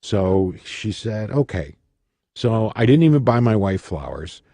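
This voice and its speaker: A middle-aged radio man from Michigan with a low, mellow voice, recounting his story in a studio interview. He tells it dramatically, acting out the voices of the people he quotes. The studio mic sounds dry and close. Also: big pitch swings, measured pace, dry recording. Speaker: radio personality, guest.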